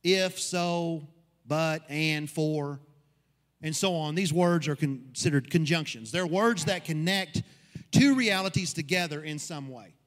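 A man's voice: fairly high pitch, measured pace. A man preaching a sermon as pastor, building to emphatic peaks. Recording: long reverb of a hall.

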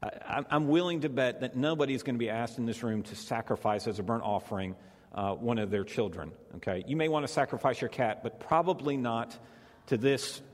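A man's voice: mid-range voice, brisk. A male pastor preaching a conversational sermon to a congregation, repeating phrases for emphasis. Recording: long hall reverb.

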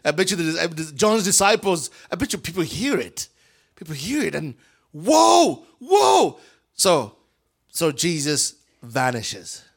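A man from Africa, a guest preacher, telling a Bible story in an animated sermon, acting out voices and swinging from whispers to shouts. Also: fairly high pitch, a little slow, husky.

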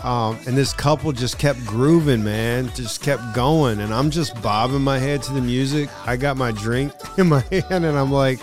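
Middle-aged male podcast host; casual, excitable storyteller with slangy delivery, mid-range voice. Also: mid-range voice, normal speed, few pauses, over music. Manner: excited, slangy, keeps saying "dude".

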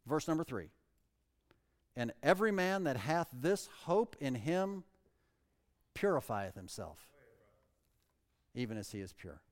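A pastor preaching a sermon, emphatic and swinging between loud and soft, reading scripture aloud in old-fashioned wording. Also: male voice, mid-range voice, very animated, measured pace, pauses often. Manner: reads scripture aloud in King James wording. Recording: long reverb of a large hall.

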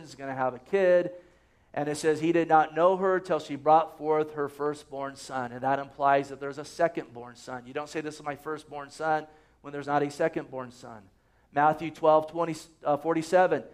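Male pastor, easygoing joking sermon delivery, reads verses aloud, voice pitched a bit high. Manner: conversational and joking, quotes scripture often.

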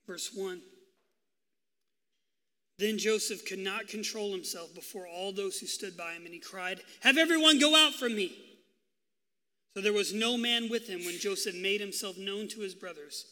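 A man preaching a sermon as pastor, telling the story with lively, acted-out quotes. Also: high voice, long reverb tail. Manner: animated storytelling, acting out voices in quotes.

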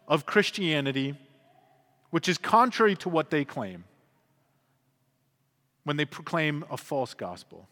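A man's voice: fairly high pitch, very animated, unhurried, pauses often, pushed and bright. A man in his thirties preaching a sermon as a pastor, earnest and conversational, with emphatic swells. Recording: long hall reverb.

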